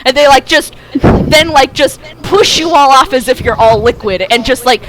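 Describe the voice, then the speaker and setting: A woman narrating a tabletop game as game master, animated and full of fillers. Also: high-pitched, moderate pace, rough recording.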